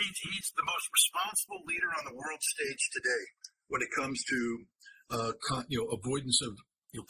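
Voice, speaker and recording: An American man giving emphatic, forceful commentary as a guest analyst in an interview. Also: mid-range voice, slightly rough, low-quality recording. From United States.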